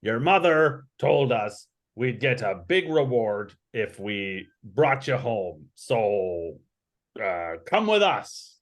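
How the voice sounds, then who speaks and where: A man's voice: mid-range voice, big pitch swings, slow. A man voicing an earnest, questioning stranger in an online tabletop game. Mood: coaxing.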